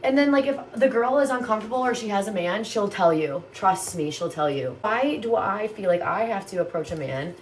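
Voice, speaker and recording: A young woman in a casual ranting monologue, exasperated and swearing freely, her pitch jumping up and down. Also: animated, slight background noise. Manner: exasperated, swears a lot, quick shifts in pitch. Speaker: TikTok creator.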